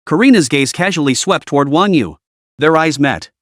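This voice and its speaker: A man reading a scripted story recap as narrator, keeping an even storytelling read. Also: on the high side, normal speed, no room sound, studio quality.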